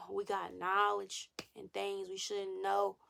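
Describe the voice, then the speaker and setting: A woman's voice: mid-range voice, level tone, slow pace, gravelly, a bit bright. A young woman vlogger talking candidly and animatedly about faith and desire, repeating phrases and sometimes dropping to a whisper. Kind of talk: candid casual chat to camera.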